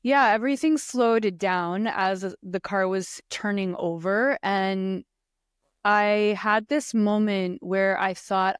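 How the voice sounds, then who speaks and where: Woman guest, earnest and reflective, drops a casual curse, smooth clear voice, dry sound. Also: mid-range voice, slow, no room sound. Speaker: podcast guest, spiritual practitioner. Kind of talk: casual conversation.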